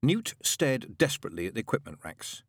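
Expressive male audiobook narrator. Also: medium pitch, a little fast, slightly rough, no echo, studio quality. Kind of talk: storybook narration.

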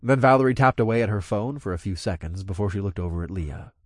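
A man narrating first-person fiction as an audiobook, with expressive storytelling. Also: lowish voice, fast, no echo, clean studio sound.

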